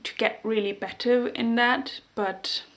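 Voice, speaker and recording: Halting woman with a German accent. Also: on the high side, steady tone, fairly bright tone. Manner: halting, searches for words. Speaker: knitting podcast host. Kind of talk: casual chat to camera.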